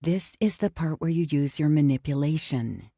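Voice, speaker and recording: A woman with a very low voice reads a first-person audiobook up close, tense and confessional, slipping into whispers. The sound is dry and intimate, with no room around it. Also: expressive, normal speed, mellow, dry recording. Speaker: audiobook narrator.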